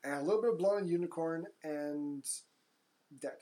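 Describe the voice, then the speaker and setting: A woman's voice: low voice, normal speed, mellow. A woman casually recapping a movie on a podcast, blunt and swearing freely as she mocks the characters. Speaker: podcast co-host.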